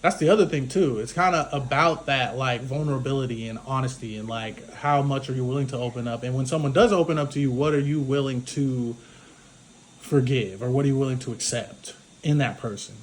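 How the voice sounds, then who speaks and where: A man's voice: medium pitch, fairly quick, slight background noise. A man giving a casual spoken recap of a film as a reviewer, rambling with many fillers. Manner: rambling, filler-heavy retelling, full of "like".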